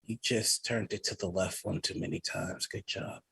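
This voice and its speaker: A husky male cleric with a low voice who teases a companion in a dry, wry way, as a man plays him. The recording is dry and close. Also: steady tone, moderate pace, sharp tone, no room sound, full character voice.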